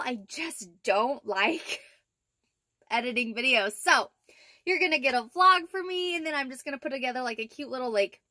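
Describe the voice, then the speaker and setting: A woman's voice: high voice, sharp tone, no room sound, clean studio sound. A young woman vlogger talking casually and rambling, with lots of fillers and little laughs, from her van. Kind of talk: casual vlog chat. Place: inside her camper van.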